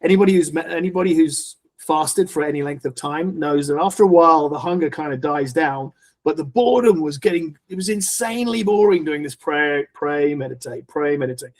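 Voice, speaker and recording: A middle-aged man with a somewhat raised pitch tells his personal story of faith as a podcast guest. He speaks earnestly and haltingly, often restarting his sentences as he searches for words. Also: darkish tone. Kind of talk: personal faith testimony in an interview.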